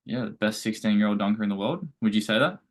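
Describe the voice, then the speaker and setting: Laid-back swearing Australian host. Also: male voice, lowish voice, fast talker. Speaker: podcast host. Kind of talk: casual podcast chat.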